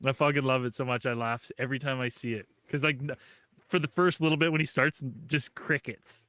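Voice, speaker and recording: A man's voice: medium pitch, fairly quick, no room sound. A man co-hosting a casual podcast chat, telling stories with lots of laughing and swearing. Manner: animated storyteller, heavy swearing, laughs often. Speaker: podcast co-host.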